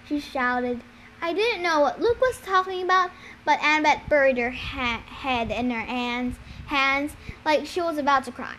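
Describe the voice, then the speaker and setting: A woman's voice: high-pitched, a little slow, bright, forceful tone, a little hiss or hum, low-quality recording. A woman reading a novel aloud, raising her voice for dialogue and sometimes stumbling and restarting words. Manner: reads dialogue with raised voice, occasional stumbles and restarts. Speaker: reader. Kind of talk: amateur audiobook reading.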